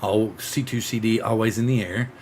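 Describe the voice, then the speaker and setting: A man hosting a casual live-streamed drone show, excitable and rambling, full of restarts and acted-out sound effects. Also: on the low side, moderate pace, a little hiss or hum.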